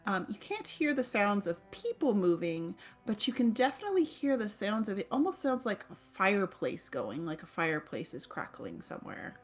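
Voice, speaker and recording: A woman's voice: mid-range voice, very animated, moderate pace, few pauses. A woman narrating a tabletop game as game master, describing scenes with frequent ums.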